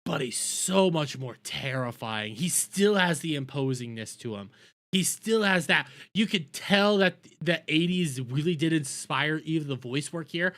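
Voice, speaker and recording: Animated, swearing man reacting. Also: fairly high pitch, a little slow. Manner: animated, profane, rambling. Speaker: reaction video host. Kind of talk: casual reaction commentary.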